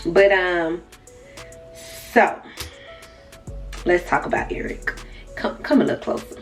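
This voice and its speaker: Speaking slowly in a lowish voice, a young female vlogger shares a laid-back story, talking right to her audience and tossing in asides. Faint music plays, and the microphone sounds far away.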